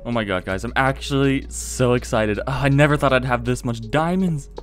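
A man giving casual let's-play commentary, excitable and chatty, talking to viewers while he plays. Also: mid-range voice, moderate pace, soft background music. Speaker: gaming video host.

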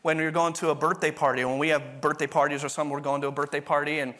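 A man's voice: on the high side, level tone, rapid-fire, fairly bright tone. A man preaching a sermon in a conversational, rambling way, often restarting his sentences. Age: adult, continuing university studies. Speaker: pastor.

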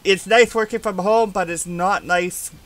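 A man's voice: sits high, steady tone, measured pace, a bit bright. A man streaming a game from home, rambling and musing aloud in casual chat.

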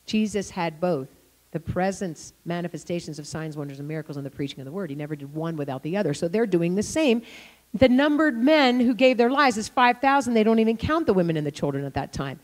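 An older woman preaching in a church, telling a lively story and acting out the people in it. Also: lowish voice, fast. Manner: animated, acts out the people in her stories. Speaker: guest preacher. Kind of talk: storytelling sermon.

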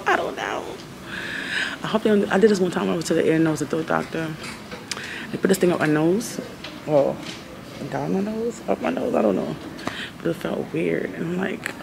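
Rambling low-voiced woman vlogging. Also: vocal fry, noisy background. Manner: rambling, giggly, self-mocking; talking half-whispered at times. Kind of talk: casual vlog chat. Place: doctor's office, indoors. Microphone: phone held close.

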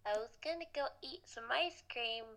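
A young woman in a casual improvised role-play, protesting dramatically at her friend's character. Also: normal speed. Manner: dramatic protests, lively and high-pitched.

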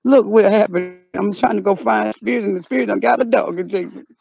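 A woman vlogging outdoors, excitable and dramatic, often shouting, in a dull lo-fi recording. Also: medium pitch, normal speed, gravelly, slightly rough, no room sound. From North Carolina, US. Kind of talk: casual vlog. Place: outdoors in cold weather. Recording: dull lo-fi sound.

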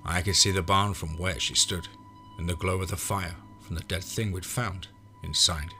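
A man reading a first-person horror story in a measured, low-key way. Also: steady tone, sharp tone, faint music behind.

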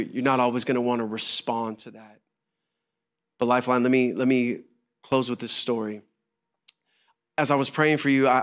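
A man's voice: medium pitch, fairly bright tone. A man, a pastor, preaching a sermon and telling a personal story, acting out voices and dropping to a whisper at tender moments.

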